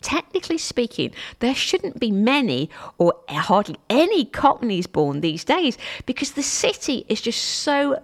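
A woman from Stoke-on-Trent presenting a radio show, chatting casually and mocking herself as she tells stories. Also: on the high side. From Stoke-on-Trent, England. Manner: chatty, self-mocking, storytelling.

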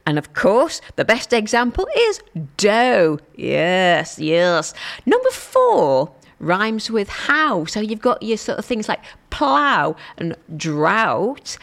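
Female radio host, easygoing and self-mocking, animated melody, leisurely delivery. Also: mid-range voice, gravelly. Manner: chatty, self-mocking, laughs often. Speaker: radio presenter. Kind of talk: casual radio chat.

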